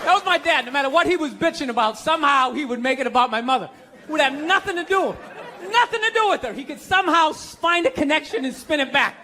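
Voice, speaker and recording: A man doing a stand-up comedy routine on a theater stage, ranting loudly and acting out voices of other people. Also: very high voice, lively intonation, quick pace. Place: theater stage before a live audience. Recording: live theater recording with crowd laughter.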